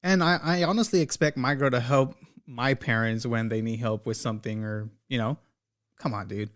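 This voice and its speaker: Man, reaction host, casual commentary, teasing, mid-pitched voice. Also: moderate pace, a bit bright. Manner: casual, teasing, laughs at the clip.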